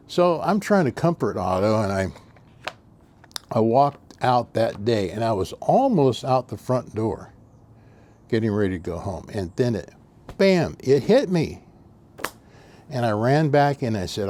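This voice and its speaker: A man's voice: medium pitch, very animated, unhurried, warm tone. An older man telling a story in a folksy, meandering, earnest way as host of his own channel. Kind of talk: casual storytelling.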